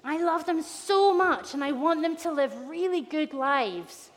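A gentle, reassuring God, as a woman puts him on, speaking with earnest patience and lively, rising warmth in her high voice. Long reverb from a church hall trails every phrase. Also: unhurried. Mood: tender.

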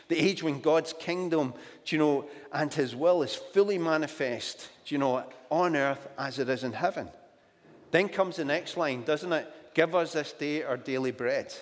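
A Scottish man preaching a sermon in a storytelling way, often adding "do you know" asides. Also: on the high side. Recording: long hall reverb.

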